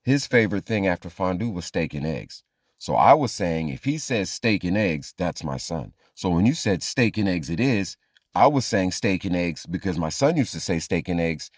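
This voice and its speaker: A man's voice: low voice, big pitch swings, moderate pace, no echo, studio quality, voice pushed up. A man voicing a clingy, grieving older woman in a comic story, rambling and pleading.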